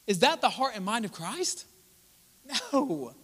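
A man's voice: high-pitched, big pitch swings, a little slow, breathy edge, in a large hall. A young male pastor, preaching a conversational sermon in a church, acting out quoted voices and talking straight to the congregation. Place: church sanctuary.

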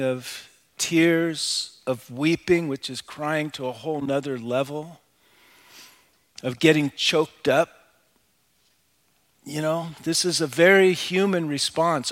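A man's voice: a little high, a bit bright. A middle-aged man preaching a sermon as pastor, speaking in a conversational, reflective way with personal asides. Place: church sanctuary. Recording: live church hall reverb.

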